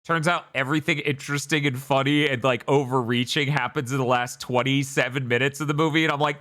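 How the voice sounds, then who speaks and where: Animated man, bright voice, rambling host. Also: medium pitch, a little fast, hardly any pauses. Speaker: podcast host. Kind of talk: casual chat.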